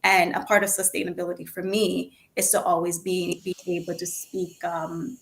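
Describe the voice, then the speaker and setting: A Jamaican woman talks casually on an online live show. Her voice sits low, and her delivery is earnest and reflective, with frequent "um"s as she gathers her thoughts. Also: little pitch movement, moderate pace, gravelly. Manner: earnest, reflective, with many fillers. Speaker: live show co-host sharing a song.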